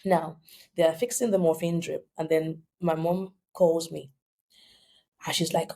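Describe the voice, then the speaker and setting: A woman's voice: deep voice, steady tone, a little slow, dark tone. A woman in her thirties with a Nigerian accent, telling her story animatedly as a podcast guest and acting out the voices she quotes. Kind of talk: storytelling in an interview.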